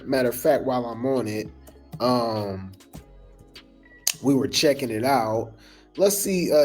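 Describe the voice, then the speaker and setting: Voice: medium pitch, darkish tone. A gossip news host talking loosely in slang, full of fillers and restarts. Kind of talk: casual gossip commentary.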